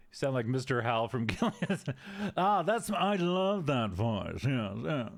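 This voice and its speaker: A man's voice: mid-range voice, sing-song, measured pace. A man streaming a game and chatting playfully, riffing on jokes from his chat.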